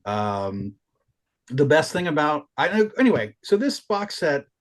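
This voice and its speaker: A man's voice: fairly high pitch, measured pace. A man co-hosting a podcast in casual chat, telling stories with lots of restarts and swearing. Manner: animated storytelling, frequent swearing and restarts. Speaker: podcast co-host.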